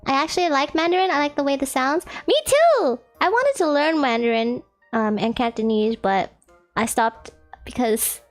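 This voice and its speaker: A woman's voice: high-pitched, vocal fry. A young American woman streaming a visual novel, reading it aloud and chatting with lots of giggles. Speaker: game streamer.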